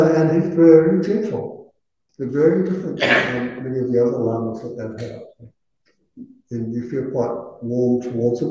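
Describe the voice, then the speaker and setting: A man's voice: mid-range voice, a little mellow. A man giving a chatty, informal talk to a class, rambling with fillers and tag questions. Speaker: dharma teacher. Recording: roomy, distant room mic.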